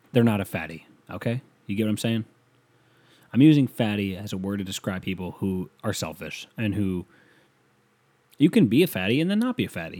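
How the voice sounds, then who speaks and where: A man's voice: on the low side, darkish tone. A man delivering a profane, sarcastic comedic rant as a solo monologue.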